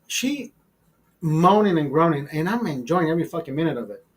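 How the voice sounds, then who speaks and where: A man's voice: a little high, fast talker, slightly rough. Profane rambling man in his fifties. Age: 50s. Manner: profane, rambling, animated retelling with many restarts. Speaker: vlogger telling a personal story. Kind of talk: casual storytelling.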